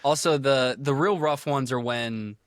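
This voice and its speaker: A man's voice: mid-range voice, unhurried, no echo, studio quality. A man from Maryland co-hosting a podcast, chatting casually and trailing off mid-sentence. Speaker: podcast co-host.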